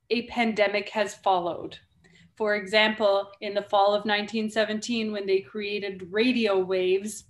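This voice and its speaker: A woman in her thirties hosting a casual podcast conversation, talking emphatically and firing off rhetorical questions. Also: medium pitch. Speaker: podcast host.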